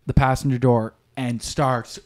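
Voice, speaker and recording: A man's voice: medium pitch, little pitch movement, a little slow, a little mellow. A young man chatting casually on a podcast, telling a rambling, profane story and acting out the people in it. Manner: rambling, swears often, acts out quotes. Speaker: podcast co-host.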